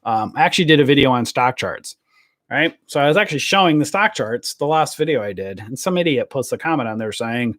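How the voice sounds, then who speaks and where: A man's voice: mid-range voice, expressive, brisk, a bit bright. A man hosting a stock trading channel, ranting to camera in a blunt, rambling way and swearing freely.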